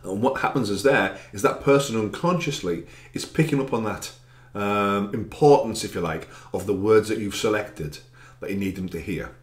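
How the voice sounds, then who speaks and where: A man's voice: on the low side, normal speed, roomy sound. A man working as an anxiety coach gives a direct, encouraging self-help talk, stressing chosen words with extra volume.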